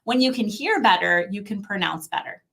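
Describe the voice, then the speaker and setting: A woman guest talking casually about teaching children a language, animated, often acting out the voices of parents and babies. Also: mid-range voice, normal speed, vocal fry. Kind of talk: casual conversational advice.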